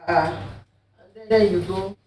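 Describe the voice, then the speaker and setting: A woman's voice: mid-range voice, fairly even intonation, slow, darkish tone. A woman teaching an Igbo class, patiently repeating examples and checking that students follow. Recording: roomy classroom picked up from a distance.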